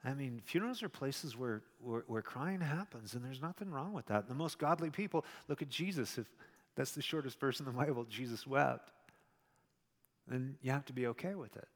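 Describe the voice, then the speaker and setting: A male pastor preaching a sermon in a conversational way, with loud emphatic stretches and quiet asides. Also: mid-range voice, long reverb tail.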